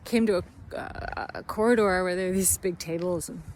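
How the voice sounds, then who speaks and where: A woman's voice: lowish voice, moderate pace, a little mellow, a little hiss or hum. A woman from the United States telling a travel story to camera in a chatty way, laughing often and full of fillers. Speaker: vlogger.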